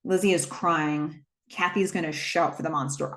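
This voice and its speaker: A woman's voice: sits low, fairly even intonation, normal speed, a bit bright. A woman retelling a film scene by scene in a casual recap, with the odd filler. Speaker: movie recap host.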